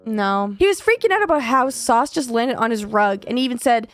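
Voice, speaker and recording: A woman's voice: on the high side, animated. Chatty woman reacting with lots of "like". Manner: chatty, lots of "like" fillers, quick to exclaim and laugh. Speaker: reaction video host. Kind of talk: casual commentary reading and reacting to online posts.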